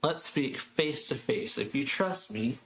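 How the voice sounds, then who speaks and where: A man reading out the lines of a cold, vengeful teenage boy from a manga, in a flat, slightly raised voice. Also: unhurried, a little hiss or hum. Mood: cold, pressing. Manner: reads quoted dialogue flatly, slightly higher than his narration. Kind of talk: reading manga dialogue aloud.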